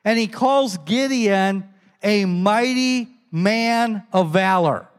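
Slow, high-voiced preacher in an echoey hall. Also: male voice, smooth. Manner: storytelling, acts out quoted voices. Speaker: pastor. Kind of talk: sermon.

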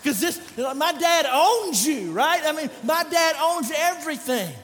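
A preacher putting on the voice of a spoiled, bossy rich kid who taunts in a whiny sing-song. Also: male voice, very high-pitched, lively intonation, normal speed, a bit bright, long reverb tail, a little hiss or hum, pitched above the performer's own voice. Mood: bratty.

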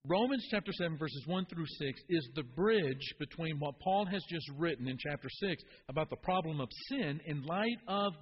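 A male preacher delivering a sermon with a husky, slightly high voice. He speaks earnestly and often repeats words as he builds to a point. The recording sounds muffled. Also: long reverb tail.

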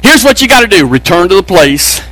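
A man's voice: sing-song, brisk, a bit bright, no room sound, rough recording. A man from Texas, preaching a sermon with emphatic, rising delivery. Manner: emphatic, pitch climbing on key phrases. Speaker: pastor.

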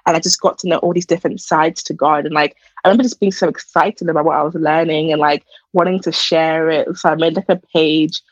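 Young woman chatting earnestly, kinda husky, lots of "like"s, dull lo-fi sound. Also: low voice, fairly even intonation, brisk, hardly any pauses, no echo. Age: young adult. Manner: earnest, chatty, many fillers. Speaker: podcast guest. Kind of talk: casual personal testimony.

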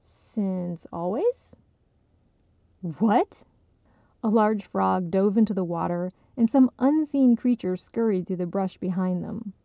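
A woman calmly narrating a short story as a storyteller. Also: medium pitch, vocal fry, dry recording, lo-fi sound. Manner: calm, measured reading.

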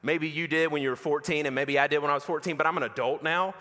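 A man preaching a sermon as an animated, self-mocking storyteller. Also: a little high, fast talker. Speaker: pastor. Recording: reverberant hall.

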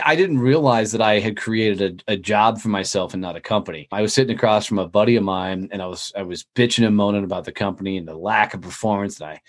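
A man telling stories as a podcast guest in a casual, profane, energetic way, acting out other people's lines as he talks. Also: medium pitch. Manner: profane, energetic, animated storytelling with quoted dialogue. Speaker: podcast guest, business owner. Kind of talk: casual interview storytelling.

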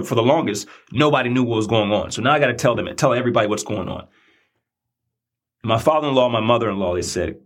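A man's voice: fairly low pitch, husky. Earnest preacherly podcast host, man. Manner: earnest, preacherly, repeats phrases for emphasis. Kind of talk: personal storytelling monologue.

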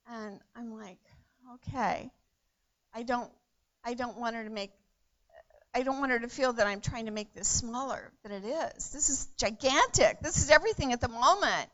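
A woman preaching a sermon in an earnest way, repeating phrases and swinging from hushed to loud. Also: a little high, a little slow, long pauses, lo-fi sound.

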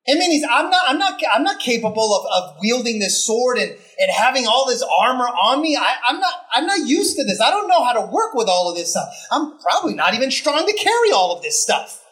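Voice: medium pitch, sing-song, a little fast, hardly any pauses, a bit bright. A preacher delivering a conversational sermon, retelling a scripture story with emphatic repetition and rhetorical questions. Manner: emphatic, repeats phrases for effect.

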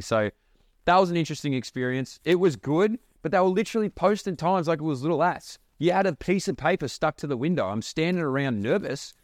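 A young Australian man rambling casually on his podcast, animated and swearing freely. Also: mid-range voice, fairly quick, dry recording. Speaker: podcast host.

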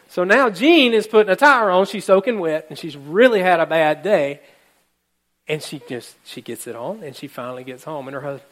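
A man's voice: fairly high pitch, moderate pace. A male pastor preaching a sermon, telling a story and acting out the characters' lines while speaking to his congregation. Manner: animated, acts out characters' lines, addresses congregation.

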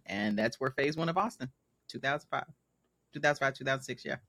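A man's voice: medium pitch, a little fast, gravelly, fairly bright tone, no room sound. A man in his thirties from Mississippi, a guest telling stories in casual conversation and laughing often.

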